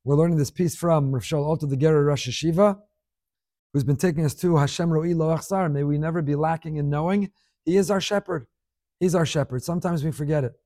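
A middle-aged man teaching a Torah class, sharing listener emails with animated emphasis and Hebrew words woven in. His voice sits fairly high but sounds mellow and dark. The recording is dry and close. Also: brisk, no room sound.

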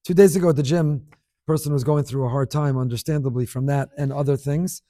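A middle-aged man teaching a Torah class, reading listener emails aloud with animated, emphatic delivery and scattered Hebrew terms. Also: medium pitch, a little fast, no room sound, studio quality.

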